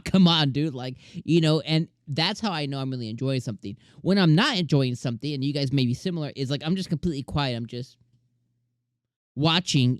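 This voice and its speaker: A man's voice: fairly high pitch, no echo, clean studio sound. A young man hosting an anime review show, talking casually and animatedly with lots of slang and filler words.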